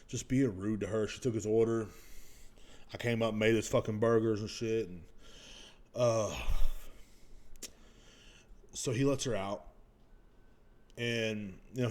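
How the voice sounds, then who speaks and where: A man, telling a profane story on his podcast and swinging between loud outbursts and low muttering. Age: 30s. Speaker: podcast host. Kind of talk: casual storytelling monologue.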